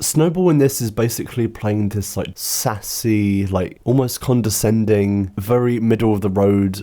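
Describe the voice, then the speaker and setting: Mellow-voiced man with wry commentary. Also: on the low side. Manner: wry, sarcastic asides. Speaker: film critic and video essayist. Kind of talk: commentary video essay.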